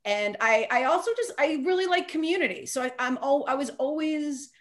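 A woman's voice: sits high, expressive, brisk. A woman author talking casually as a podcast guest, chatty and self-deprecating, with frequent fillers and restarts.

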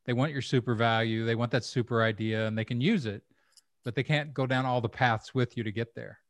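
A man talking through ideas in a loose, rambling way, with frequent restarts. His voice sits at an ordinary pitch. The recording is dry and close, with no room sound. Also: fairly even intonation, brisk, no room sound. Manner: rambling, repeats words, thinks aloud. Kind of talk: conversational interview.

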